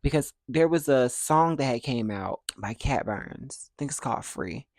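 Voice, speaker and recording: Dry, animated storytelling young man. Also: medium pitch, normal speed, no echo. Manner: animated, acts out other people's dialogue in playful voices. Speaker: vlogger. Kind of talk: casual storytime vlog.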